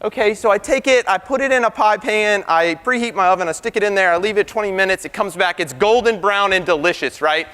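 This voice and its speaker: A computer science professor giving an animated debate speech, firing rhetorical questions at the crowd. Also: male voice, sits high, fast, few pauses. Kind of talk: lively debate speech to an audience. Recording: reverberant hall.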